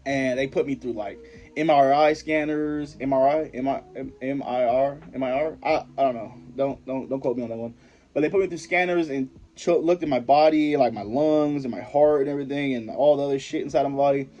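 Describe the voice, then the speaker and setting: A young male vlogger tells a personal story to camera in a rambling, profane, slangy way, frequently stopping and restarting sentences. His medium-pitched voice is dark and steady, a little fast, and the sound is lo-fi.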